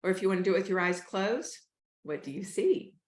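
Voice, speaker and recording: A woman hosting a show, calmly coaching listeners through a breathing exercise. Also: mid-range voice, fairly quick, echoey room. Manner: calm, coaching, addresses listeners as "y'all". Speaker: host, life coach. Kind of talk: guided breathing instruction.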